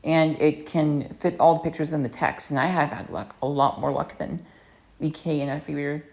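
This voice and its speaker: A woman's voice: low-pitched, fairly even intonation, moderate pace, gravelly, darkish tone. A woman livestreaming from home in casual chat, rambling with many ums and restarts.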